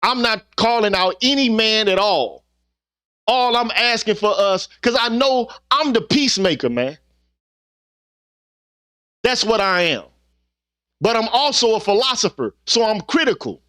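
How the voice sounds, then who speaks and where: A man's voice: sits high, animated, unhurried, pauses often, sharp tone, no echo, studio quality. A middle-aged man giving an earnest, preachy, profane monologue to his viewers, ending his sentences with "man.". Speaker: YouTube vlogger. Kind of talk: impassioned casual monologue.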